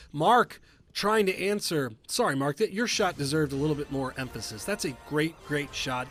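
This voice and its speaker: A man giving play-by-play commentary on video golf matches, chatty and jokey, bursting into shouts at big shots. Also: fairly high pitch, moderate pace, soft background music.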